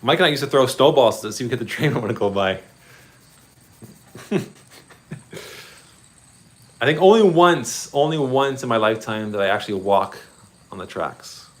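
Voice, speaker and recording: A man hosting a model railway livestream, chatty and excitable, greeting viewers by name and laughing often. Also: medium pitch, normal speed, pauses often. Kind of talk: casual live-stream chat with viewers.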